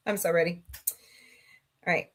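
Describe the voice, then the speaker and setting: A woman's voice: mid-range voice, wildly swooping pitch, slow pace. A middle-aged woman hosting a casual livestream talk show, chatting and greeting viewers by name with a sarcastic streak.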